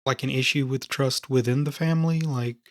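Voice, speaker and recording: Podcast host, a man with halting questions, dry close recording. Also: mid-range voice, fairly even intonation, no echo. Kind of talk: casual interview questions.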